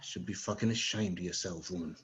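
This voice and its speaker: A man's voice: low voice, steady tone, brisk, background noise. A Scottish man doing crude, swearing one-liner stand-up comedy over a video call. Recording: dull lo-fi video call audio.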